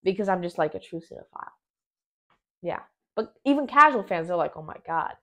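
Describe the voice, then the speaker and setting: A woman giving a casual spoiler review of a film, talking in an excitable, rambling way and often restarting her sentences. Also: fairly low pitch, a little fast.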